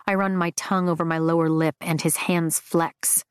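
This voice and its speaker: A woman reading first-person romance narration in an intimate, expressive way. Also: on the low side, moderate pace, few pauses, clear, resonant tone, no echo, clean studio sound. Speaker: audiobook narrator.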